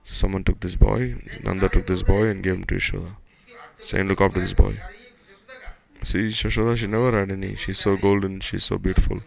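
Low gravelly man telling sacred stories. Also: flat delivery, brisk, poor audio. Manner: loose, repetitive retelling with quoted dialogue. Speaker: devotional storyteller. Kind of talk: devotional story retelling.

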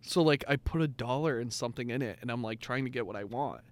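A man's voice: mid-range voice, fast. A young man co-hosting a podcast, telling a long story in casual chat, full of fillers and swearing. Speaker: podcast co-host.

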